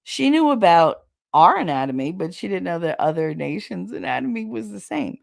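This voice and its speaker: A woman's voice: fairly low pitch, sing-song, normal speed, vocal fry, no echo, clean studio sound. A woman hosting a podcast, telling gossipy, frank family stories in a casual chat and laughing often. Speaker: podcast host.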